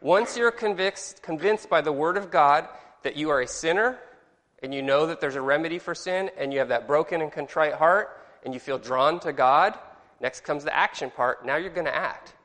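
A man's voice: fairly high pitch, moderate pace, a bit bright. Guy teaching sunday school, chatty, jokes around, asks the class stuff, long reverb.

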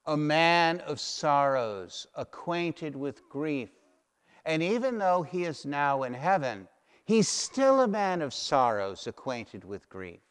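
Middle-aged male preacher, fairly high voice, slow deliberate sermon delivery with repeated lines, long hall reverb. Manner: emphatic, repeats key phrases.

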